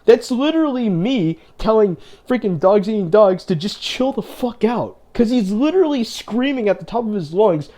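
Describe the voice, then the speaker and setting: A man's voice: high-pitched, lively intonation, moderate pace, few pauses, warm tone. A man ranting in a video, exasperated and profane as he complains about other creators. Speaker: YouTuber. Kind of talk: rant video.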